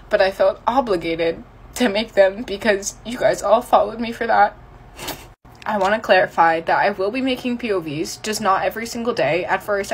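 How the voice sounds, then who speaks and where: A woman creator talks straight to her followers in an earnest, slightly halting way. Her voice sits at a middle pitch. A faint background noise runs under the recording. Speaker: short-video creator. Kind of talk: candid spoken announcement to followers.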